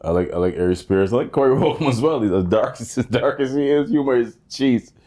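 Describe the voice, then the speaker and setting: A man's voice: medium pitch, expressive, a little fast, warm tone. A man who co-hosts a comedy podcast, chatting casually, often repeating words and restarting his sentences. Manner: repeats words, stammering restarts, frequent agreeing. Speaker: podcast co-host and stand-up comic. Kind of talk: casual chat.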